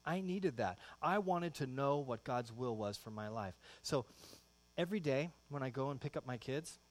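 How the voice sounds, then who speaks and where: A male pastor preaching a sermon, shifting into animated storytelling and acting out everyday exchanges with his kids. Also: mid-range voice, normal speed. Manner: animated storytelling, acts out his kids' voices.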